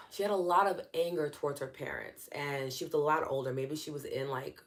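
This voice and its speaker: With a low voice, steady tone and moderate pace, a woman hosts a live online EFT teaching session. Her New York accent comes through as she explains earnestly, conversationally, and replies to viewers' comments.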